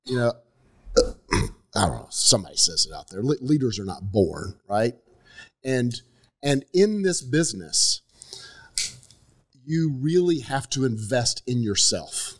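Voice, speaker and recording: A man's voice: mid-range voice, animated, unhurried, pauses often. A man as a podcast guest, chatting casually and backing up the host with frequent yeahs. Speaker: podcast guest, mortgage coach.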